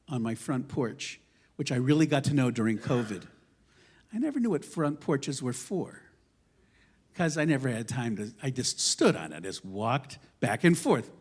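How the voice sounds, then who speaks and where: A man, a rabbi, giving a sermon in a synagogue, emphatic and impassioned, moving between loud declarations and quiet, humorous asides. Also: mid-range voice. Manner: conversational storytelling with self-deprecating humor. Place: synagogue sanctuary.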